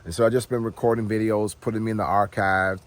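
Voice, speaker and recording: A man's voice: lowish voice, little pitch movement, fast talker. A middle-aged man chatting casually and heartfelt to his viewers, filming outdoors at his home. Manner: easygoing, heartfelt, talks straight to viewers. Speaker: homestead vlogger. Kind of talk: casual talk to camera.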